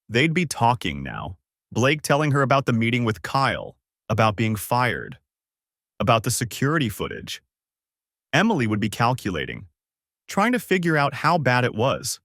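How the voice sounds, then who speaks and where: A man reading a first-person story aloud in measured, scripted narration. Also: mid-range voice, fairly bright tone, no echo, clean studio sound.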